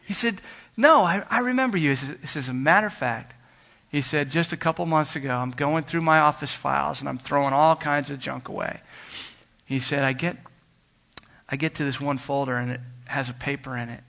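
A man's voice: medium pitch, steady tone, moderate pace, gravelly, a bit bright. A man telling a personal story in a sermon, earnestly acting out both sides of a phone call, with frequent restarts. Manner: earnest, retells dialogue with many restarts. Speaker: preacher.

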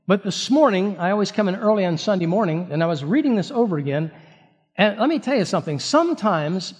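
A pastor preaching a sermon in an animated way, often repeating words and restarting. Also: male voice, high voice.

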